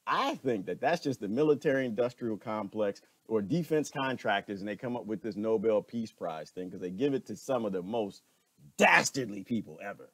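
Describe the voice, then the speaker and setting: Animated man preaching his opinions. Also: on the low side, normal speed, husky, dry recording. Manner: preachy, wry, acts out voices. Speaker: commentator.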